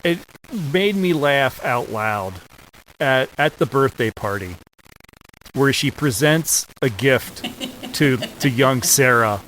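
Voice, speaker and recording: Guy cohosting a movie podcast, middle pitch voice, laid back, lots of ums, faint hiss behind. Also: takes it slowly, low-quality recording. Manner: relaxed, with filler words and a chuckle. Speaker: podcast co-host. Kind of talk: casual film discussion.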